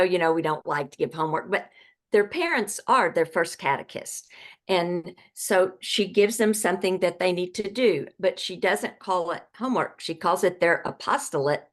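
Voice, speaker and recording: A woman who leads catechesis, sharing ideas in an online workshop over a video call, conversational, often repeating words. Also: fairly low pitch. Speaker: catechetical leader.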